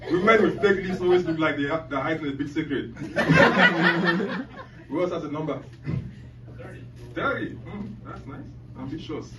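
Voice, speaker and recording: A man on a comedy club stage, talking loose and profane and laughing at his own punchlines. His voice sits a little high for a man, and it comes from a distant mic that picks up the room's echo. Loud noise runs under the whole set. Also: moderate pace, long pauses. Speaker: stand-up comedian.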